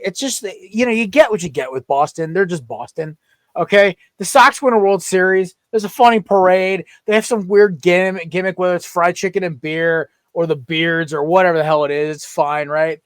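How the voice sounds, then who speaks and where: Young male co-host, heated opinionated rants, slightly high voice, dry close sound. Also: moderate pace, no room sound. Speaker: podcast co-host. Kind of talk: casual sports podcast chat.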